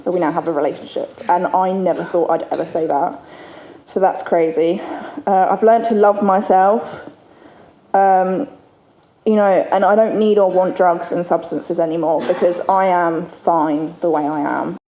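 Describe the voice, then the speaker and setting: A woman's voice: lowish voice, dark tone. A woman giving a candid, chatty recovery testimony to an audience, laughing often. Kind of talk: personal testimony speech to an audience. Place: event hall with an audience. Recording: echoey hall, faint room ambience.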